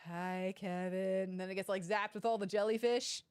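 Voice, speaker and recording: A woman's voice: medium pitch, fairly even intonation, fast, clean tone, no echo, studio quality. A woman casually commenting through a game playthrough, chatty, giggly and self-deprecating. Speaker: gaming streamer.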